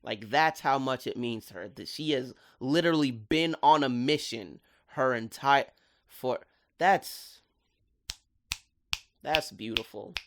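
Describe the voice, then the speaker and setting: A man talks through a cartoon episode in casual video commentary. His voice sits at a middle pitch, and he is animated and enthusiastic, with plenty of slang. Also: slow pace. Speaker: cartoon reviewer.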